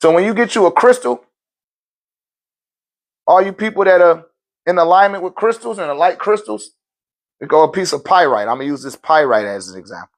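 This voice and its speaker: A man's voice: high voice, lively intonation, brisk, long pauses. A man teaching on a live-stream Q&A in loose, slangy talk, often checking in with his listeners. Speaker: spiritual teacher answering viewer questions.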